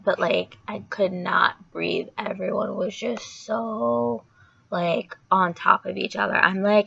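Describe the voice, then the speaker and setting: A woman's voice: medium pitch, slow pace, gravelly, a little hiss or hum. A young woman vlogger casually retelling a story in a chatty, rambling way, with a sore throat. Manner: chatty, filler-heavy, animated retelling. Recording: dull lo-fi recording.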